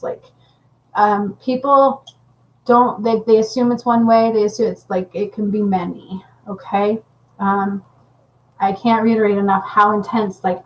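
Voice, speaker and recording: A woman's voice: medium pitch, slight background noise, low-quality recording. A woman working as a spiritual healer and medium, talking casually and intensely to viewers on a livestream, rambling and often checking in with "okay?".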